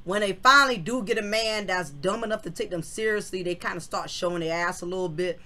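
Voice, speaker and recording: A woman's voice: medium pitch, quick pace, pushed and bright. Frank, slangy woman telling a story. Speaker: channel host telling a personal story. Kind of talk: casual storytelling vlog.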